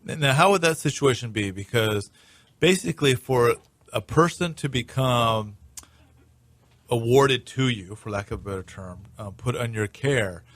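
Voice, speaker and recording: A man's voice: mid-range voice, measured pace, a bit bright, dry recording. A man hosting a radio talk show, chatty and playful, with joking asides to his listeners.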